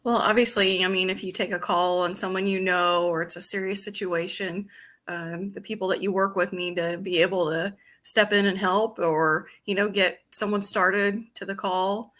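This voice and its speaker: A woman's voice: mid-range voice, steady tone, moderate pace, fairly bright tone. A woman guest, a retiring dispatch supervisor, answering interview questions in a plain-spoken way.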